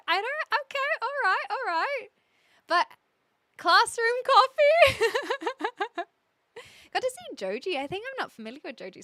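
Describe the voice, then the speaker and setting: Chatty young woman streamer, lively and bright. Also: sits high, no echo. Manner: chatty, indecisive, reads viewer comments aloud. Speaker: live streamer. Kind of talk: casual live-stream chat with viewers.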